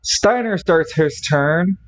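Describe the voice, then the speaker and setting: A man's voice: fairly high pitch, animated, slow pace, poor audio. A man narrating a tabletop role-playing game as game master, often stopping and restarting while he checks the rules.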